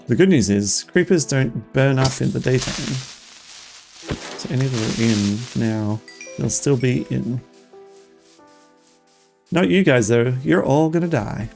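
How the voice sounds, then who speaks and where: A streamer giving excitable, chatty live gameplay commentary and talking straight to the viewers. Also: mid-range voice, gravelly.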